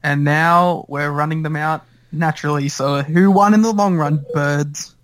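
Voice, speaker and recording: A man hosting a wrestling podcast, easygoing and quick to laugh in casual banter. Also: on the high side, steady tone, a bit bright, no echo. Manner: giggly, easygoing. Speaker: podcast host.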